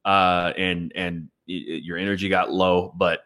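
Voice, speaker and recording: A man's voice: deep voice, level tone, measured pace, bright, forceful tone. A man co-hosting a casual gaming chat, rambling with restarts and lots of agreement.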